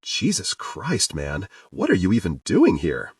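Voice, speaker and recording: Man doing a washed-up rock star, very deep, mopey drawl, dry close sound. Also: huge pitch swings, measured pace, no room sound, heavily acted. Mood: laid-back. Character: washed-up middle-aged male rock star, self-pitying. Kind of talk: audiobook character voice.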